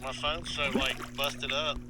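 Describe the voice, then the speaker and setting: A man's voice: mid-range voice, flat delivery, unhurried, background noise. A man chatting casually with another angler over a phone video call, joking and teasing. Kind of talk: casual chat between anglers.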